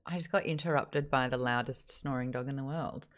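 A woman's voice: a bass voice, fairly quick. A woman hosting a casual book club livestream from home, chatting playfully and cooing at her sleepy dog. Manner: playful, laughing, baby-talk to her dog.

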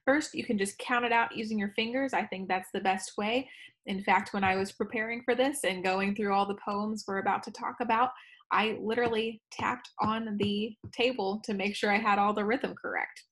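A woman's voice: medium pitch, steady tone, moderate pace, fairly bright tone. A woman teacher talks through a recorded lesson in an easy, conversational tone. She stumbles now and then, corrects herself, and keeps going. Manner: chatty, self-correcting, laughs at own slips.

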